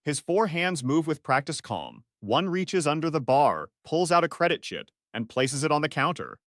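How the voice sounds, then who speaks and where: A man's voice: a little high, sing-song, normal speed, a bit bright, dry recording, studio quality. A man narrating a first-person science-fiction story in clipped, analytical sentences.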